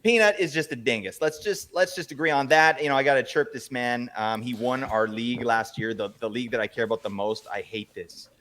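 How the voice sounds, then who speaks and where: Guy hosting a sports podcast, chatty, teasing, mid-pitch voice. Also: a bit bright. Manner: chatty, teasing, quick recaps. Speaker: podcast host. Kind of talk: casual fantasy hockey chat.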